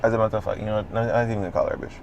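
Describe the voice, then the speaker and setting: A man, co-hosting a podcast in casual chat, talking in an animated, profane, rambling way. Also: on the low side, rapid-fire, creaky, lo-fi sound, crowd noise. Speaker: podcast co-host.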